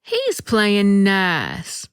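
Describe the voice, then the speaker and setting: A woman's voice: mid-range voice, huge pitch swings, extremely slow, smooth, no echo, clean studio sound, voice pushed up, heavily acted. A woman voicing an amused female bystander in a story reading, with a put-on Southern accent and a drawl.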